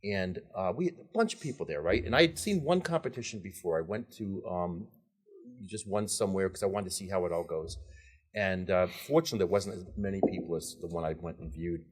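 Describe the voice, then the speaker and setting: A middle-aged man with a low, husky voice tells long stories in casual conversation. He gets animated, laughs often and slips into other people's voices when quoting them. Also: brisk. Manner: animated, laughing storyteller who acts out quoted dialogue. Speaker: podcast guest. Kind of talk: casual storytelling.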